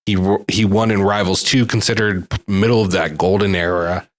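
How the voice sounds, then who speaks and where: Low-voiced man rambling as a podcast host. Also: steady tone, moderate pace. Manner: analytical, rambling, trailing off. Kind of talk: casual interview talk.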